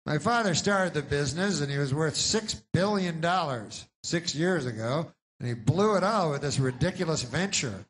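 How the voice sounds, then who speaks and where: A man putting on a loud, salesy insurance pitchman, higher and louder than his own voice. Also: expressive, normal speed, hardly any pauses. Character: pushy male insurance pitchman. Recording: bootleg live club recording.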